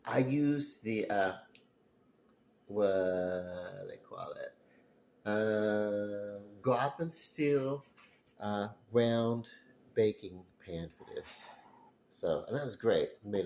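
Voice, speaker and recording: Brief: low-voiced guy rambling at home while cooking, laughs at himself. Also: a little mellow, a little hiss or hum. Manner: rambling, self-deprecating, chuckling. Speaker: vlogger. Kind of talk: casual cooking vlog. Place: home kitchen at night.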